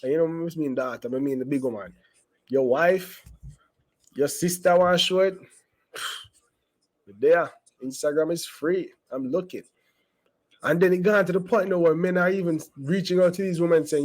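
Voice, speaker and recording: A man's voice: a little high, unhurried, pauses often, darkish tone, rough recording. A man giving casual, rambling commentary as a channel host, emphatic and full of asides and restarts.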